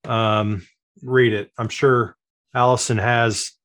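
A man in casual podcast conversation who speaks hesitantly, restarting often as he searches for words. His voice has a mid pitch and an easygoing delivery. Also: flat delivery, slow, fairly bright tone. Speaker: podcast co-host. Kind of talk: casual chat.

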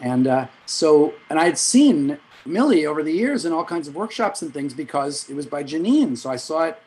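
A middle-aged man, a music director and vocal coach, telling rambling anecdotes in an interview, with quick asides and self-corrections. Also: on the high side, very animated, darkish tone, low-quality recording. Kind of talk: storytelling in an interview.

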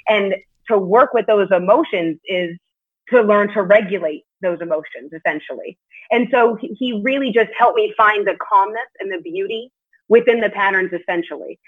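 A woman who competes in martial arts is a guest on a podcast, chatting candidly in a casual interview and swearing now and then. Her voice is mid-range with a breathy edge, heard over a tinny, phone-like line.

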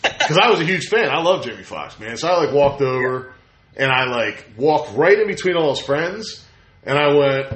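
A man chatting casually as a podcast host, telling stories with lively acted-out quotes. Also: on the high side, moderate pace. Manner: animated storyteller, acts out quotes. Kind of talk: casual chat. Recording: roomy echo.

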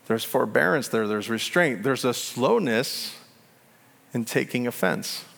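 Male pastor, lively sweeping delivery, gravelly edge, booming hall reverb. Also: a little slow. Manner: animated, acts out quoted voices, laughs at own jokes. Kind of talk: sermon.

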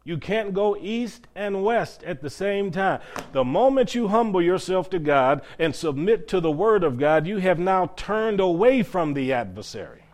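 A man's voice: high voice, expressive, moderate pace, few pauses, darkish tone. A man preaching a sermon as pastor, asking rhetorical questions and stretching out key phrases for emphasis.

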